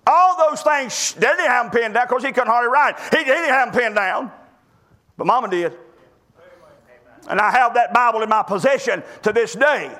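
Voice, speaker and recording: A middle-aged preacher man delivers a folksy sermon in a very high, bright, keen voice. He often stumbles and restarts his phrases as he tells his stories. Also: animated, normal speed. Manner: folksy storytelling with repeated restarts.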